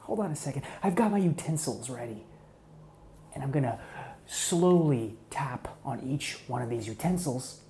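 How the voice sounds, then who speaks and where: Guy doing a creepy chill hitman, whispered role-play, mellow low-key whisper, kinda taunting. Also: lively intonation, moderate pace, slight background noise, close to an everyday voice. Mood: menacing calm. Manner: soft close whisper, taunting and conversational. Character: smug menacing male hitman, calm and mocking. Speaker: ASMR role-play performer.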